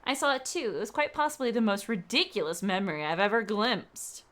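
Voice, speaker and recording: A woman doing a pompous gentleman inspector. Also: medium pitch, fairly quick, close to an everyday voice. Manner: grandiose, theatrical, self-important.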